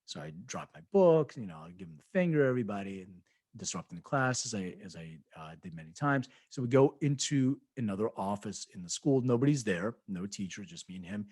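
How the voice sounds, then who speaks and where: A man's voice: lowish voice, lively intonation, fairly quick, darkish tone, husky, dry recording. A man co-hosting a podcast, telling rambling anecdotes in casual chat, acting out quoted voices and laughing often. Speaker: podcast co-host.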